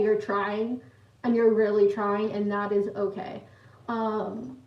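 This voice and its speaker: A young woman livestreaming, telling a story in a rambling, giggly way and greeting viewers in chat. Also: fairly high pitch. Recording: echoey room, mic at a distance, dull lo-fi sound.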